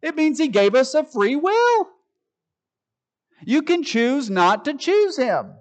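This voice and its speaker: A man, likely a pastor, giving a conversational preaching rant, emphatic and full of restarts, swinging between loud declarations and quiet asides. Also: extremely high pitch, big pitch swings, slow.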